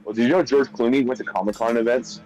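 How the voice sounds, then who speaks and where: A man's voice: mid-range voice, fairly even intonation, fast, a little mellow, lo-fi sound, soft background music. A man chatting casually during a gaming session, rambling and often repeating and restarting his sentences. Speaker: streamer chatting while gaming.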